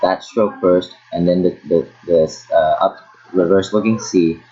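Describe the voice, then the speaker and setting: Guy teaching a lesson, very low voice, keeps repeating himself, muffled lo-fi audio, hair dryer going. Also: steady tone, mellow. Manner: halting, repeats words while demonstrating pronunciation. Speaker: language teacher. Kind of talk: casual online lesson. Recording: dull lo-fi sound with hair dryer noise behind. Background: hair dryer noise.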